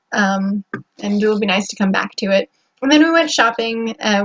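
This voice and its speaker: A young American woman talking casually to the camera about her days, rambling with fillers and restarts. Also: medium pitch. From United States. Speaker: vlogger. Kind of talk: casual vlog talk to camera. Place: indoor room at home. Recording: slightly dull lo-fi audio.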